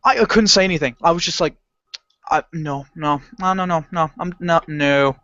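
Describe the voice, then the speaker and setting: A man's voice: fairly high pitch, moderate pace. A young man co-hosting a podcast, telling a rowdy story about work and cursing freely as he acts out the people in it. The recording is dull and lo-fi, with a dry, close sound and no room echo. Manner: animated storyteller, swears a lot, acts out customers. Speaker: podcast co-host. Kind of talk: casual chat.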